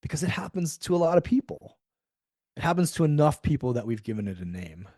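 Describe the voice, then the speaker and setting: A man's voice: a little high, sing-song, quick pace, dark tone, dry recording, clean studio sound. A middle-aged man talking candidly in an interview, acting out quoted dialogue with animation. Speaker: podcast guest. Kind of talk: conversational interview.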